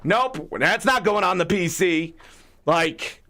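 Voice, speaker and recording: A man's voice: high-pitched, animated, slow, gravelly, pushed and bright. A man hosting a gaming livestream, ranting heatedly with lots of swearing and rhetorical questions. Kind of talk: casual livestream rant.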